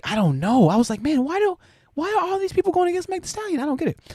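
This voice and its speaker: A man hosting a live stream, reading viewer super chats aloud and commenting in an animated, exclaiming way while he thinks aloud. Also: sits high, no echo, clean studio sound.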